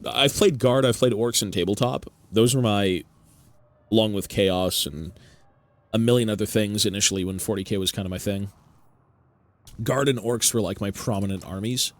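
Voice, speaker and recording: A man streaming, giving relaxed, offhand commentary on a game with casual fillers. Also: fairly low pitch, no room sound.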